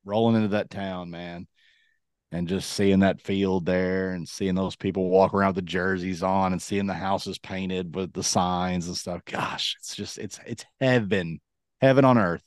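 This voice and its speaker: Kentucky man, low voice, rambling animated storyteller, dry close recording. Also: measured pace, dry recording. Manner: rambling, animated storyteller with many restarts and acted-out quotes. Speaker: podcast co-host. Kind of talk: casual storytelling chat.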